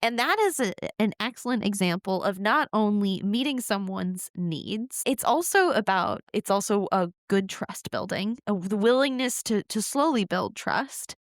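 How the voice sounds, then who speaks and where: Lively, enthusiastic woman chaplain. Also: medium pitch, normal speed, hardly any pauses, dry recording, studio quality. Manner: enthusiastic, encouraging, lively, swears casually. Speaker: chaplain, podcast co-host. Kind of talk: casual conversation.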